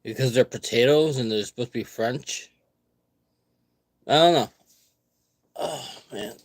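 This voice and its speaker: A man's voice: mid-range voice, measured pace. A man hosting his own vlog, rambling casually, repeating words and restarting his sentences. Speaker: vlogger host.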